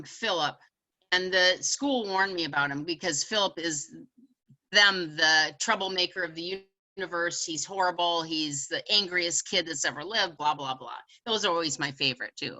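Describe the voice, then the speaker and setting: Female educator guest, animated storyteller, sharp, bright tone. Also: on the low side, low-quality recording. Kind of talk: storytelling in a casual chat.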